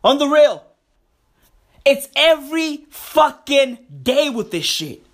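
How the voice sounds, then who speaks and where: A woman hosting a podcast in a profane comedic rant. She repeats her phrases and breaks into exasperated shouts. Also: high-pitched, very animated, slow. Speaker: podcast host.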